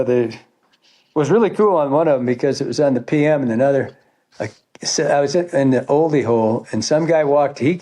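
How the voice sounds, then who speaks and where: A fly fishing guide appearing as a podcast guest tells guide stories in a medium-pitched, mellow voice. His casual storytelling rambles, he swears often, and he laughs as he goes.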